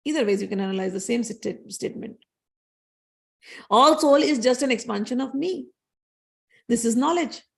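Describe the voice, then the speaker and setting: A woman's voice: on the high side, lively intonation, moderate pace, creaky, long pauses. A woman giving an earnest scripture discourse as a spiritual teacher, repeating key phrases as she explains a story.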